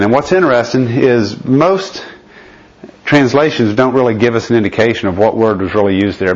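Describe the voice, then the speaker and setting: A man leading a conversational Bible study lesson, explaining step by step and often checking in with his listeners. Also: mid-range voice. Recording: dull lo-fi recording.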